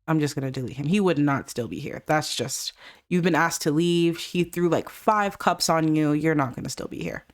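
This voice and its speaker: A woman giving chatty, excitable commentary while playing a life-sim video game, jumping high when surprised. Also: brisk. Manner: excitable, chatty, reacts with squeals and gasps. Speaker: let's play gamer.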